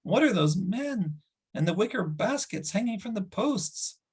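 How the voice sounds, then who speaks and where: A man voicing Taran, a proud, quick-tempered young pig keeper who speaks in an indignant, sharp way, in an audiobook. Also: high-pitched, very animated, breathy edge, pitched above the performer's own voice, heavily acted. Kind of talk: audiobook character voice.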